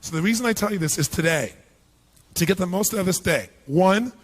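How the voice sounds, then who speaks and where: High, energetic man working a big crowd. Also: fairly quick. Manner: energetic, punchy, quizzes the audience. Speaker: motivational seminar speaker. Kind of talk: live motivational seminar talk. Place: large seminar hall with thousands present.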